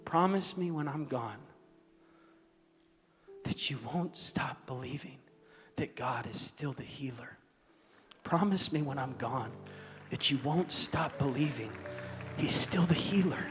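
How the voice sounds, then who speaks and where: A man's voice: on the high side, expressive, a little slow, pitched below the performer's own voice. A male pastor voicing a frail, dying woman who pleads faintly and insistently. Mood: pleading. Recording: echoey hall with music underneath.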